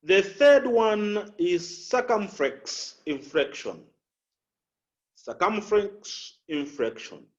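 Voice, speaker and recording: A man coaching public speakers, slow and deliberate, repeating key phrases and showing inflection with his voice. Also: sits high, very animated, lo-fi sound. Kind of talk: instructional talk with spoken examples.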